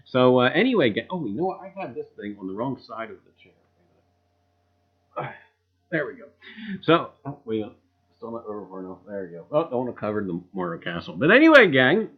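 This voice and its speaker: A man's voice: mid-range voice, big pitch swings, fairly quick. A man with a New Jersey accent hosting a casual livestream, folksy and full of catchphrases, greeting viewers by name. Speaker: livestream host. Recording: dull lo-fi sound.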